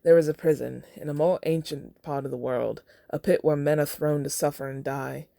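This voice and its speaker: A woman's voice: low voice, fairly even intonation, moderate pace, gravelly, dark tone, no room sound, studio quality. A woman reading the lines of a formal, worried older male butler in a faint put-on British-style lilt with American vowels. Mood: grave.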